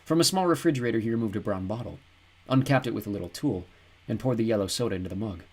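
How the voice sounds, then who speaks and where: A male audiobook narrator reads the story in an even, descriptive way. His voice sits low and has a husky edge. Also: fast. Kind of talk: scripted narration.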